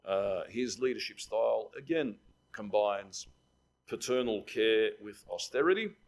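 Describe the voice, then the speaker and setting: A man's voice: fairly low pitch, lively intonation, unhurried. A man giving a public history lecture in a conversational, digressive way, with frequent fillers.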